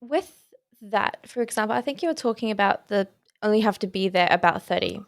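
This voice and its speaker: A woman's voice: medium pitch, expressive, a little fast, vocal fry, no room sound. Young woman host, tentative questions. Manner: tentative questions with many qualifiers. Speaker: podcast host. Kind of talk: podcast interview questions.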